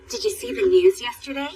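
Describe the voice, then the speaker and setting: An actress voicing a lively female student who talks in an animated, gossipy way, in an anime dub. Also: extremely high pitch, slight background noise, exaggerated voice. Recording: distant voice with music.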